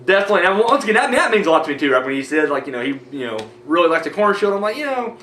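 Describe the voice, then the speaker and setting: A man's voice: high voice, sing-song, racing, fairly bright tone, reverberant, slight background noise. An American man rambling casually with many fillers while thanking his viewers in a vlog. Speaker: movie review vlogger.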